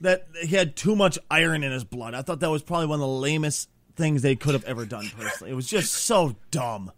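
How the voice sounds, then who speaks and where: A man's voice: fairly high pitch, fast, fairly bright tone. A man co-hosting a podcast in casual chat, emphatic, swearing and stumbling over his words. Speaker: podcast co-host, reviewer.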